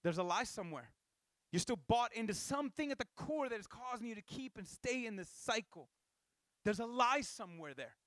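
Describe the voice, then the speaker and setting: A male pastor giving a sermon in a casual, animated way, with slang asides to the congregation. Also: extremely high pitch, fairly quick, no echo.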